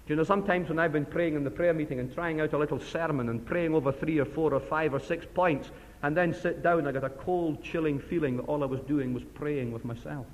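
A man preaching a sermon to a church assembly, passionate, swinging between loud emphasis and hushed asides. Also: a little high, brisk, muffled recording. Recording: long hall reverb.

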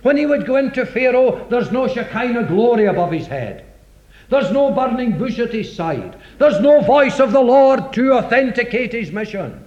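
A man's voice: very high voice, very animated, normal speed. A man preaching a sermon in a dramatic, rhetorical way, acting out the voices of scripture. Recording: dull lo-fi recording.

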